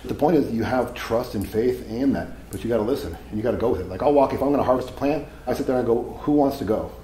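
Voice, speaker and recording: A man's voice: medium pitch, quick pace, warm tone, reverberant, slight background noise, rough recording. A man giving a live seminar talk to an audience, casual and profane, telling stories as he goes. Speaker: seminar speaker.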